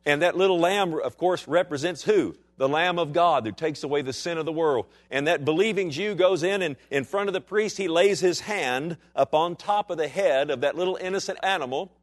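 A man preaching a sermon in a dynamic style, dropping to quiet low asides and rising to loud, slow, emphatic lines. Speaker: pastor.

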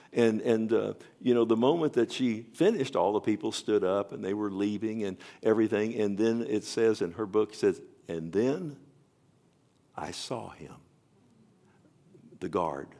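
A man preaching a sermon, telling a story dramatically and swinging between loud passages and hushed ones, often asking his listeners directly if they follow him. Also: fairly low pitch. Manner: addresses listeners directly with questions.

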